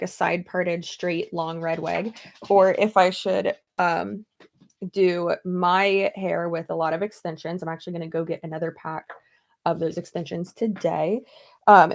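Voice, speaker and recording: Chatty young woman, gravelly edge. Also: fairly low pitch. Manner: chatty, rambling, laughs often. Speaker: beauty vlogger. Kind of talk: casual get-ready-with-me chat.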